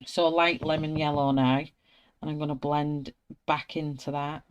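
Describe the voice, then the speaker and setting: A Lancashire woman with a broad Wigan accent talks through her colouring work in a relaxed, chatty way. She laughs often and greets her viewers by name as she goes. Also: deep voice, measured pace, smooth. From Wigan, England. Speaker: art tutorial host. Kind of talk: live colouring tutorial chat.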